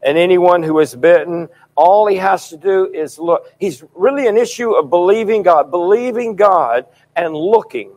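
A middle-aged man preaching a sermon in a fervent, emphatic style, his voice swelling loud at key points. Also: high-pitched, normal speed, rough recording.

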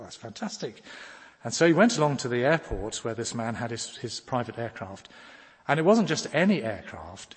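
A man's voice: medium pitch, slightly rough. A man preaching a sermon who tells stories and pleads earnestly with his listeners. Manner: earnest, pleading, rising to emphatic questions. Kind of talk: sermon with storytelling. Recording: long reverb of a church hall.

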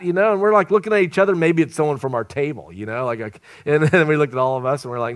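A man's voice: a little high, fast, no room sound. A man preaching a sermon to a live congregation, telling stories with jokes and laughter. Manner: animated storytelling with laughs and joking asides. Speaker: traveling evangelist preacher.

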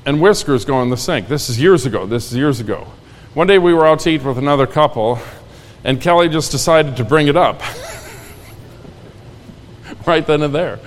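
A male pastor preaches in an earnest, folksy manner and often repeats his key lines. His voice sits a little high for a man. The sound has the long reverb of a church sanctuary. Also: expressive, normal speed, long pauses. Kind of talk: sermon.

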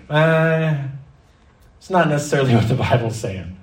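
A man preaching a sermon in a church hall, lively and theatrical, sometimes slipping into mock-panicked voices. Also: on the high side, brisk, far from the mic. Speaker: pastor.

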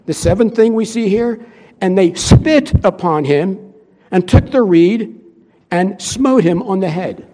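High-voiced preacher in an echoing hall. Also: male voice, animated, measured pace, warm tone. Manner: conversational, asks the listeners questions. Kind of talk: sermon.

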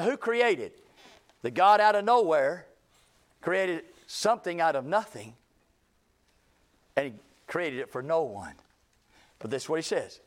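A man preaching a sermon to a church congregation, reading scripture aloud with dramatic pauses and swinging between loud declarations and hushed lines. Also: high-pitched. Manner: reads scripture aloud in a slow, deliberate cadence. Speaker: pastor. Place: church sanctuary.

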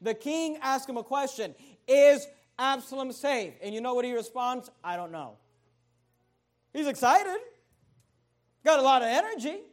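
A male pastor delivering a sermon in a strikingly high voice. He talks emphatically, often repeating words as he presses a point and rising to loud bursts. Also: normal speed. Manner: repeats words when stressing.

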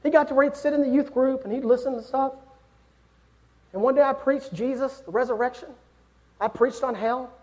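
A man's voice: very high-pitched, steady tone, brisk, long pauses, darkish tone. A young man preaching a sermon, earnest and building to fervent exhortation.

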